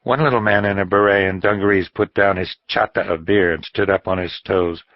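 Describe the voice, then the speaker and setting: A man narrates a novel in a measured, even storytelling voice. His voice is very deep and low. The recording is close, dry and slightly dull. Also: no echo. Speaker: audiobook narrator. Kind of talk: audiobook narration. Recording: dull dry studio audio.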